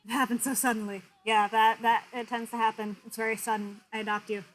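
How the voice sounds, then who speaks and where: A woman's voice: on the high side, level tone, brisk, poor audio. Chatty young woman streamer, laughing. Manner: chatty, self-deprecating, laughs often. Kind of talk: casual chat with viewers while drawing.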